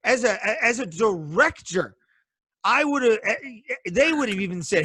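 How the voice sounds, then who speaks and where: A man's voice: sits high, lively intonation, unhurried, pushed and bright, slightly rough, dry recording. A man co-hosting a podcast, delivering an angry, profanity-heavy rant over a video call. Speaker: podcast co-host. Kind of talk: casual podcast chat.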